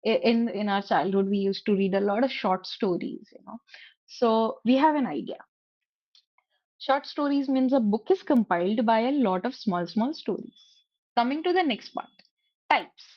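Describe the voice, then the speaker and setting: A woman's voice: a little high, normal speed, highs cut off. A woman with an Indian accent giving an online talk, explaining terms and often checking in with "okay?". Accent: Indian English. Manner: explains in English mixed with Hindi, frequent "okay?" checks. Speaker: guest speaker on reading. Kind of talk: online presentation with slides. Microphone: video call.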